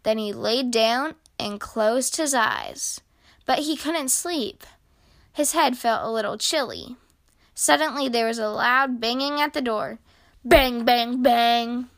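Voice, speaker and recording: Bright-voiced woman reading to kids. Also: on the high side, a little slow, creaky, dry recording. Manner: expressive storytelling. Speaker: children's story reader. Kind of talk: reading a picture book aloud.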